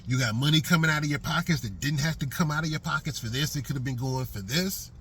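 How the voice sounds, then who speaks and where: A man's voice: a little high, quick pace, sharp tone, slight background noise. A middle-aged man giving a blunt, profane, streetwise vlog monologue from a vehicle. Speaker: vlogger.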